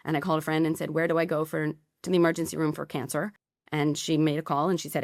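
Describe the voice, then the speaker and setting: A middle-aged woman, a podcast guest, telling a personal story candidly with quick asides. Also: sits low, fairly even intonation, no room sound, clean studio sound.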